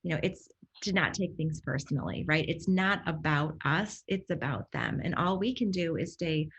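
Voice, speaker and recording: A woman's voice: low-pitched, lively intonation, normal speed, a bit bright, slight background noise, rough recording. A woman hosting a podcast interview, speaking in an affirming, emphatic way and checking in with tag questions. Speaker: podcast host. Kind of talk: conversational interview.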